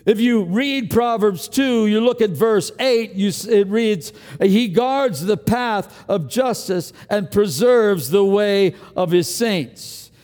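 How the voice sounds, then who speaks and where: An older man preaching a sermon as pastor, earnest, swinging between a loud push and a hushed near-whisper. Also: high voice, slow pace, hardly any pauses, big-room sound.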